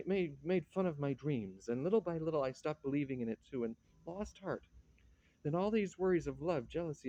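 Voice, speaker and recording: A fragile, exhausted young actress, as read by a man with a fairly high voice, speaking in broken, restarting phrases from a play. Her tone is dark and mellow. The recording is dry and a little dull. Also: dry recording. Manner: halting, broken, stumbling restarts. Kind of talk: dramatic play reading.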